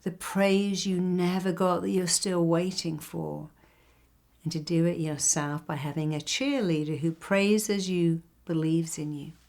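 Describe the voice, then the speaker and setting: An older woman speaks as a therapist in a motivational talk. Her voice sits fairly low with a gravelly, fry-tinged edge. She draws out key words and phrases to drive her point home. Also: steady tone, darkish tone. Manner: emphatic, slows down on key phrases.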